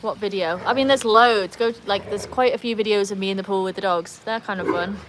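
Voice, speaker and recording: A woman from North Wales chatting casually on a livestream, reading out viewer comments in a relaxed, self-deprecating way, recorded outdoors by a pool on a phone with no external mic. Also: mid-range voice, a little fast, a little hiss or hum. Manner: chatty, self-deprecating, walks around the yard. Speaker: livestream host.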